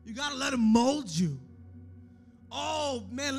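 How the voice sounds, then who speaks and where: A man preaching a sermon as a youth pastor, fervent and casual, repeating phrases and swinging between hushed pleading and shouting. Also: very high-pitched, expressive, unhurried, creaky. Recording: music playing under the voice.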